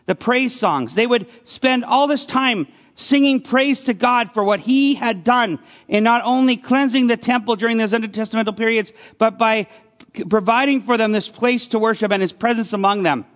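Speaking in a hall, this high-voiced pastor delivers his sermon at an even, moderate speed with a somewhat bright tone. He keeps it conversational, putting questions to the people in the pews.

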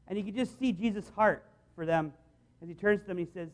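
High-voiced, earnest male preacher. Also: quick pace. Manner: earnest, conversational, many restarts. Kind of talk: sermon.

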